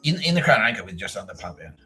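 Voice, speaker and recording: A man's voice: deep voice, rapid-fire, faint music behind. A middle-aged Australian man hosting a podcast, telling stories in a casual way, swearing, laughing and acting out voices. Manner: animated, swearing, laughing often, acts out voices in his stories. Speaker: podcast host. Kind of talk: casual storytelling.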